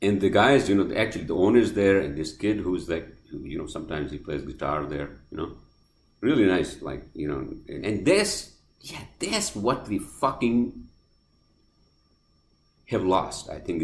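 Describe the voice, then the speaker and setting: A man's voice: sits low, very animated, moderate pace. A man with a non-native accent hosting a podcast, ranting in a heated, profane way and repeating himself. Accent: non-native accent of English. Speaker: podcast host. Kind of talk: casual monologue rant. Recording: roomy echoey room.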